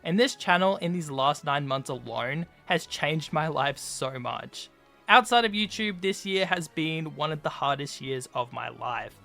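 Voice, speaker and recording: A man's voice: fairly high pitch, a little slow, gravelly, pushed and bright, faint music behind. A young man, a YouTuber, giving casual scripted narration over a video game, chatty and full of "like" and "you know".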